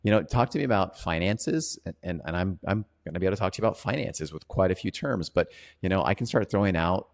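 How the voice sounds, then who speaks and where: A man's voice: deep voice, animated, quick pace, gravelly, few pauses. A man co-hosting an interpreting podcast, chatting casually and often checking in with "right?". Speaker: podcast co-host.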